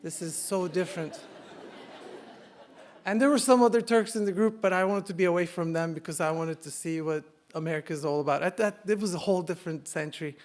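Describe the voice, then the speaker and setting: A man's voice: high-pitched, fast, few pauses. A man in his forties from Turkey with a Turkish accent, telling a funny personal story live on stage, self-mocking and building to punchlines. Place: live stage before an audience.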